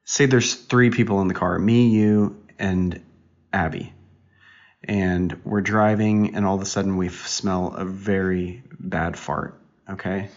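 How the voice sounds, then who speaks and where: A man in his thirties chatting casually with his young daughter on a podcast, patiently explaining things through questions and gentle teasing. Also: low-pitched, steady tone, unhurried. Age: 30s. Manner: patient explainer who asks questions and teases. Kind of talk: casual family chat. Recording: dull lo-fi recording.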